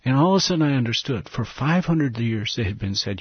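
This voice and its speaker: A man, a missionary guest in an interview, telling an earnest, emotional story and dropping to a hushed voice at tender moments. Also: medium pitch, lively intonation, fairly quick, few pauses, breathy edge, no echo, lo-fi sound.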